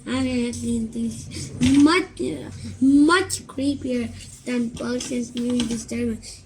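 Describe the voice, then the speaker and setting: Slow, halting woman reading aloud. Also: fairly high pitch, steady tone, noisy background. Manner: halting, many restarts and repeats. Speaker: reader. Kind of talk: reading a children's book aloud.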